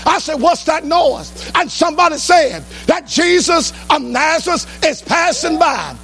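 A preacher shouting as a healed blind man. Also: extremely high pitch, expressive, unhurried, gravelly, soft background music, heavily acted. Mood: recounting. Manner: shouted, pleading cries.

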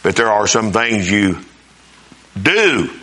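A man's voice: on the low side, big pitch swings, slow, sharp tone. A man preaching a sermon as pastor, emphatic, rising and dropping with repeated phrases.

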